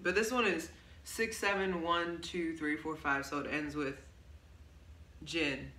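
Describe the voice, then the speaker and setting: A woman's voice: low-pitched, steady tone, measured pace, pushed and bright. A woman casually talking through a song she wrote, rambling with lots of ums and stopping to correct herself. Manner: rambling, loose, with many ums and self-corrections. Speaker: songwriter presenting her song. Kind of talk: casual vlog chat. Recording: roomy echo, faint background hiss.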